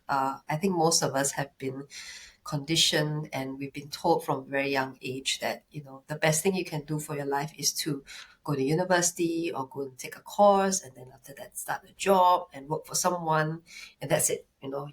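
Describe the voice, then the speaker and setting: A woman co-hosting a casual podcast chat, speaking in a calm, grounded way. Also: low-pitched, slightly rough. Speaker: podcast co-host.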